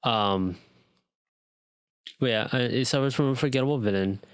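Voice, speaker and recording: A man's voice: mid-range voice, moderate pace, clear, resonant tone, dry recording. A young man co-hosting a podcast, chatting casually and rambling with lots of ums and restarts. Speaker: podcast co-host. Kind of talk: casual chat.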